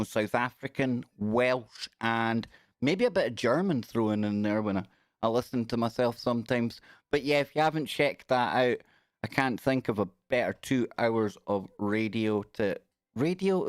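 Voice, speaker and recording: A man's voice: mid-range voice, no room sound, studio quality. A middle-aged man, hosting a live stream in a chatty, rambling, joking way. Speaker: host. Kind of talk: casual live-stream chat.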